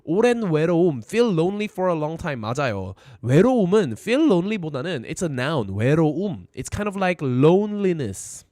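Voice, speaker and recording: Quick-talking language teacher. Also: male voice, fairly high pitch, sing-song, a little mellow, no room sound. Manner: frequent "right?" tag questions, repeats phrases for practice; switches between English and Korean, sings lyric lines. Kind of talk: live-streamed language lesson.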